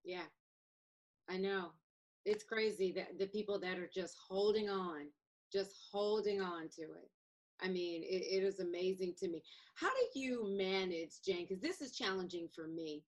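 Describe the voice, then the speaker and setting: A woman's voice: mid-range voice, unhurried. A woman hosting a podcast, asking questions in a sympathetic, chatty way. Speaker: podcast host. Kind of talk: casual podcast conversation.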